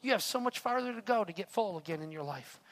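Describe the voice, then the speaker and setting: A man's voice: sits high, lively intonation, fast. A man preaching a sermon in an earnest, confessional way, often repeating words as he speaks to the room. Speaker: pastor. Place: church hall. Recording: long hall reverb.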